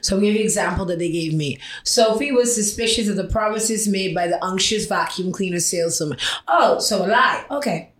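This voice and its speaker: A woman's voice: medium pitch, fairly quick, hardly any pauses. A woman co-hosting a podcast in casual chat, chatty and teasing and laughing often. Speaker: podcast co-host. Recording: roomy echo with faint noise.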